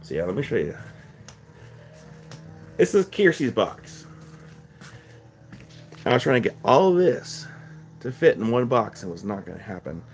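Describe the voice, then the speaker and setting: A man's voice: mid-range voice, very animated, moderate pace, long pauses, soft background music. A man hosting a live rock sale stream, chatting casually and rambling, laughing often as he packs boxes and calls out numbers.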